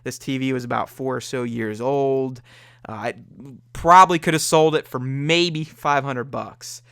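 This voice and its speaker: A man's voice: mid-range voice, fairly even intonation, measured pace, vocal fry, bright, forceful tone, smooth, dry recording, studio quality. A young man hosting a podcast, telling a candid, profane story about himself and acting out his own reactions. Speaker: podcast host. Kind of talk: solo confessional podcast monologue.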